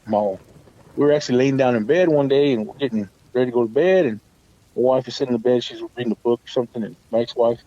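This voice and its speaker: A man's voice: mid-range voice, quick pace, dark tone, no echo. A man casually telling a personal ghost story, rambling with many restarts and fillers and swearing now and then. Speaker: guest storyteller. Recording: dull muffled dry sound.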